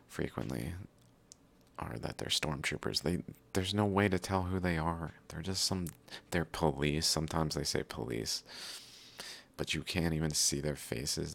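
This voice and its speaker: A man's voice: a bass voice, unhurried, gravelly, fairly bright tone. A man hosting a reaction video, talking casually over clips, swearing a lot and sounding incredulous. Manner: profane, incredulous, laughs often.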